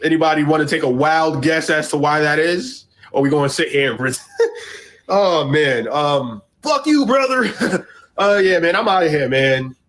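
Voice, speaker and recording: A man giving animated, mocking commentary on a social media clip. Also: a little high, normal speed.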